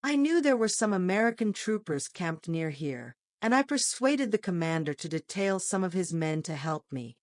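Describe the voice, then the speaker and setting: A woman reading the part of an excitable army colonel, speaking in a clipped, brisk manner. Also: lowish voice, no echo, studio quality. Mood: eager.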